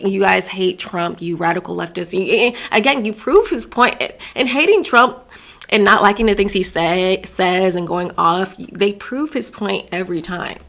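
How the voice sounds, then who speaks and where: A woman's voice: on the low side, gravelly, fairly bright tone. A woman from Virginia hosting her own show, giving an emphatic opinion monologue and often stumbling over words and restarting. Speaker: show host.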